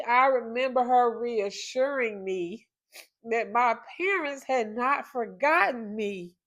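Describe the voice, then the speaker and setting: A woman hosting a podcast, telling a personal memory in a slow, reflective and emotional way. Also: on the high side. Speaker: podcast host. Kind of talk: personal storytelling.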